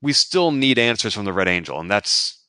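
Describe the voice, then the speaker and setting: A man co-hosting a podcast, analyzing a TV episode in a measured, analytical way. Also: lowish voice, sing-song, pushed and bright, no room sound, studio quality. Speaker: podcast co-host. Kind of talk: casual chat, analyzing a TV episode.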